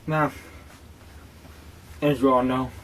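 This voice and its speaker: A man's voice: medium pitch, little pitch movement, slow pace, a bit bright, slight background noise. Rambling, profane man telling stories. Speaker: tobacco dip reviewer. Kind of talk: casual vlog storytelling.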